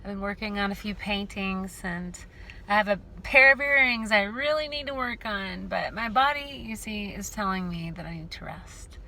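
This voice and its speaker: A woman recording a casual personal vlog about living with dystonia, talking in a rambling, heartfelt way with many pauses and fillers and speaking warmly to her viewers. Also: medium pitch, animated, slight background noise. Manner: affectionate toward viewers. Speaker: dystonia awareness vlogger. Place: car.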